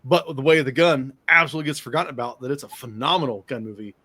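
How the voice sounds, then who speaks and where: An American man hosting a podcast in casual chat, animated and swearing freely as he talks. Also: mid-range voice, crowd noise. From United States. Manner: fast, animated, swears a lot, excitable. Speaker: podcast host.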